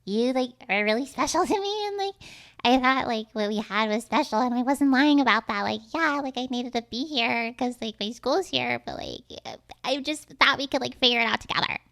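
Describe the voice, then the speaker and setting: A young romantic heroine, all gush and fluster, pleading in a high, breathless whine, as a woman puts her on. She sounds earnest and a little whiny. It comes out of a casual comedic movie recap. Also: moderate pace, creaky, fairly bright tone.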